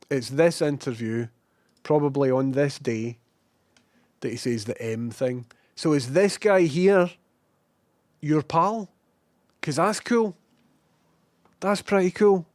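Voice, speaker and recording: A man's voice: mid-range voice, no echo. Sweary Scottish man chatting on stream. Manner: sweary, self-mocking, animated. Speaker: livestreamer reading chat. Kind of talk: casual rambling stream chat.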